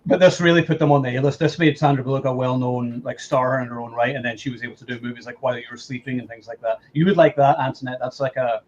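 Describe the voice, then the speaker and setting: A man's voice: mid-range voice, steady tone, fast talker, hardly any pauses. A man hosting a casual movie chat, playful and fond of quoting lines. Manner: playful, quotes lines in put-on voices. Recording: slightly dull lo-fi call audio with faint noise.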